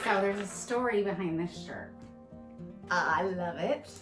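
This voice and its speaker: A woman's voice: lowish voice, a little slow, music in the background. Gushing woman crafting host, echoey room. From Pacific Northwest of the US. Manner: gushing, excitable, exclaims often. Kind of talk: casual tutorial chat.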